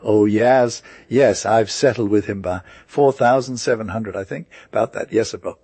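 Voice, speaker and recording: A man's voice: lowish voice, normal speed, warm tone, breathy edge, dry recording. A man voicing a rude, greedy male gambler who demands his share. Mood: scheming. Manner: blustering, demanding.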